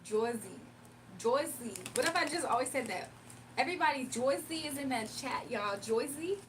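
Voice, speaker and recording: High-voiced chatty woman livestreaming. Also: animated, a little fast. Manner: chatty, laughs often, reads chat aloud. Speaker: livestream host doing readings. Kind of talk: casual livestream chat with viewers. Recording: a bit distant from the mic, faint room noise.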